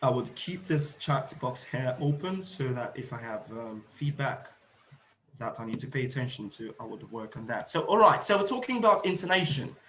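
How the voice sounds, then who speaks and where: With a medium-pitched, very animated and slightly bright voice, a middle-aged man runs a teacher-training webinar. He explains things slowly, restates them and fills gaps with fillers, while an echoey room adds a faint hiss or hum.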